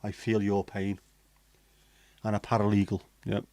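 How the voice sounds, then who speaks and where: A man with a lowish voice chats on his livestream, reading viewer comments aloud and swearing freely. The sound is dry and close. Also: little pitch movement, unhurried, warm tone, no echo. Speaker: livestream host. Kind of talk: casual livestream chat.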